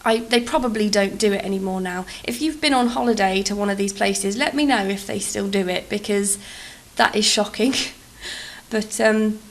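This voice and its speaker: A British woman in her thirties talks in a loose, chatty way. She rambles with fillers and pokes fun at herself. Her voice sits at an everyday middle pitch. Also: moderate pace, poor audio. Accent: British English. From England. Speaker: vlogger. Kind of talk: casual storytelling over a game build.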